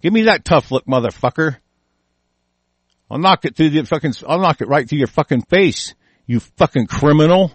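A man's voice: medium pitch, lively intonation, moderate pace, no room sound. Heated, profane man. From United States. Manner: profane, heated, combative, swears constantly. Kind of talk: angry political rant.

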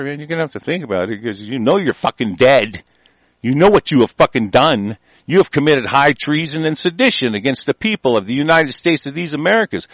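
A man hosting a talk radio show, ranting angrily and cursing heavily in a loud, heated way. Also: mid-range voice, no room sound. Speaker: community radio host. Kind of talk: profane talk-radio rant.

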